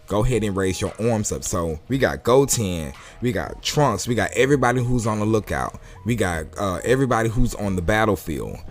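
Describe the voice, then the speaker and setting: A man with a low voice walks through a comic chapter in a relaxed, talkative way. He laughs often and corrects himself as he goes. Faint music plays behind him. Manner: casual, chatty, laughs often. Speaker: manga reviewer. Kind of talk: casual chat.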